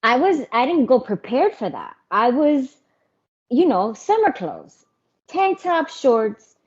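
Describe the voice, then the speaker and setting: A middle-aged woman telling her personal story as an interview guest, candid and animated. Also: sits high, slow pace. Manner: candid, animated, mimics others. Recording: muffled lo-fi audio.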